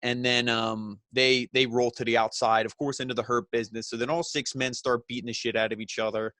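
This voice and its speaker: Male reviewer, mid pitch, sardonic and crude, dry close sound. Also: flat delivery, brisk, sharp tone, no echo. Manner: sarcastic, profane, mocking impressions of wrestlers. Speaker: wrestling show reviewer. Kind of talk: casual recap commentary.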